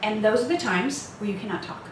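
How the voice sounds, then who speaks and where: A woman in her fifties speaks candidly to a women's retreat in a meeting room, her mid-range voice moving fairly quickly as she laughs often and pokes fun at herself. The room is echoey, the mic is far away, and crowd noise makes the recording noisy.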